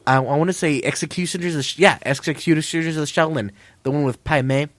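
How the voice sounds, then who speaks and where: A man co-hosting a casual podcast chat, rambling and excitable, crude and quick to laugh. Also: a little high, no echo. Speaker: podcast co-host.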